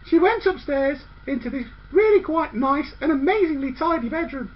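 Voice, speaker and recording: A woman tells a children's story in a playful way and briskly hushes a man who interrupts. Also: sits high, expressive. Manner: bossy narrator who acts out the girls' lines. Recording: dull lo-fi recording.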